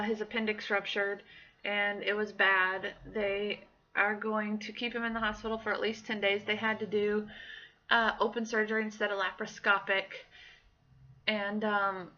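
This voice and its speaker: A woman's voice: mid-range voice, pushed and bright, muffled recording. A woman in her thirties telling personal stories in a casual diary vlog, acting out the voices of people she quotes. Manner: chatty storytelling, acts out quoted voices. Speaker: vlogger.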